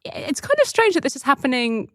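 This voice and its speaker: Female podcast co-host, wry and joking, animated pitch, dry close mic. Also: brisk, no echo. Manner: wry, joking, lively storytelling. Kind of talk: casual news podcast chat.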